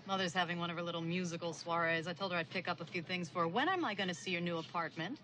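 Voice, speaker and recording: A woman's voice: lowish voice, rapid-fire, over music, lightly acted. A woman playing a gushing chatty socialite. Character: gushing, flirty New York socialite woman. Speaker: acquaintance who bumps into a friend while shopping. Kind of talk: 1990 film romantic comedy acting.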